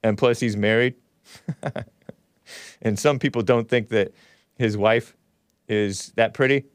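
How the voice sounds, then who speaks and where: A man's voice: on the low side, steady tone, slow pace, no echo, studio quality. A man hosting his own show, giving sarcastic commentary over news clips with mocking asides. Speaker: show host.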